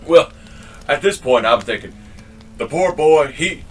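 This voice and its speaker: A man's voice: on the high side, lively intonation, a little slow, distant mic. Rambling man telling a story off-mic. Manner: rambling, with restarts and mild swearing. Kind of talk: casual comedic storytelling.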